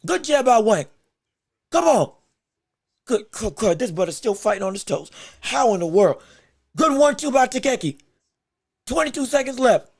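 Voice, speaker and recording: Brief: high-pitched husky male host, strained voice, excitable live fight commentary. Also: moderate pace, long pauses, dry recording, studio quality. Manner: shouts encouragement at fighters, excitable and emphatic. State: straining his voice. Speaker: podcast host.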